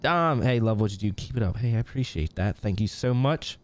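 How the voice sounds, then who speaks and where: Male streamer with a lowish voice, easygoing live-chat host who keeps chuckling. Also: animated, a little fast. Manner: reads viewer names aloud, chuckles often. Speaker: livestream host.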